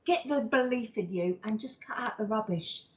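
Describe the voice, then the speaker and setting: A woman's voice: on the high side, animated, normal speed, muffled recording. A woman, a psychic medium hosting a live show, giving a card reading in an affectionate, rambling way full of fillers and endearments.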